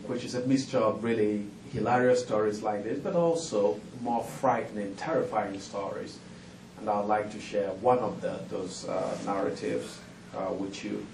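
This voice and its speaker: A man's voice: fairly low pitch, a little mellow. A middle-aged man, a festival panel author telling humorous stories to a live audience, often chuckling and self-deprecating. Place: event hall with audience. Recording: roomy hall, distant mic, ambient noise.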